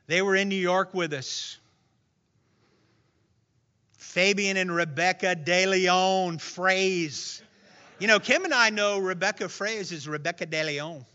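A man preaching a sermon to his congregation, swinging from hushed asides to emphatic, raised points. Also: high-pitched, slow pace, long pauses, smooth, muffled recording. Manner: acts out voices in retold scenes. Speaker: pastor. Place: church room with congregation.

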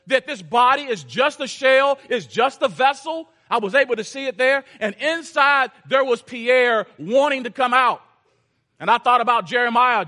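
A man preaching a sermon, telling a story and shifting between loud urgency and hushed, intense passages. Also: very high-pitched. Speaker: pastor.

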